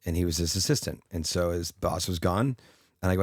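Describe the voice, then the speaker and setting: Brief: male comic guest, low voice, dry close sound, loose rambling storyteller, slightly hoarse. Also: fairly even intonation, brisk, no room sound. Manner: rambling anecdotes full of fillers and restarts. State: losing his voice. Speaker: comedian guest. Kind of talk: casual storytelling interview.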